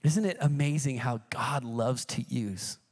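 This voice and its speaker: A middle-aged man preaching a sermon, telling stories with animation and breaking into shouted cries. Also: mid-range voice, unhurried, breathy edge. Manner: animated storytelling, jumps into shouted quoted cries.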